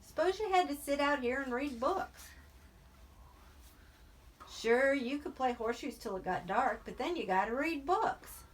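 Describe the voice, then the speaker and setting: A woman's voice: high voice, expressive, a little slow, long pauses, voice pushed up. A woman doing Crooks, a lonely ranch hand. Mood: earnest. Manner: rural drawl, earnest and probing. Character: lonely, bitter older male ranch hand. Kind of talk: audiobook reading.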